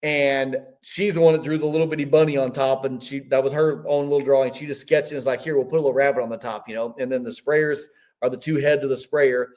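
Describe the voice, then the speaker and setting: A man's voice: mid-range voice, a little fast. Rambling storyteller man in his fifties. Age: 50s. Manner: rambling, animated, many restarts. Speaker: podcast guest, business owner. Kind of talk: casual storytelling.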